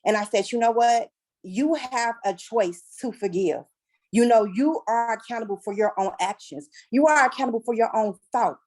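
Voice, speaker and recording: Expressive woman telling her own story. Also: a little high, normal speed, poor audio. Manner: animated, laughs often, acts out quoted voices. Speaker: panel guest. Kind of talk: personal testimony in a panel discussion.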